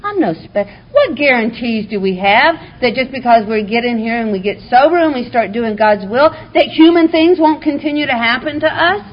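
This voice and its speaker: A woman's voice: on the high side, lively intonation, moderate pace, few pauses. A woman giving a candid, heartfelt personal testimony to a recovery meeting audience, with touches of wry humor. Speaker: speaker sharing her recovery story. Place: meeting room before a live audience. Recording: muffled lo-fi recording, faint hiss.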